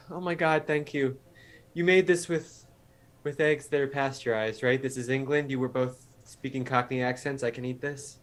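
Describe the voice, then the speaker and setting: A man's voice: mid-range voice, steady tone. A man performing improv comedy, flustered and awkward in a game-world scene. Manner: flustered, awkward, fast rambling.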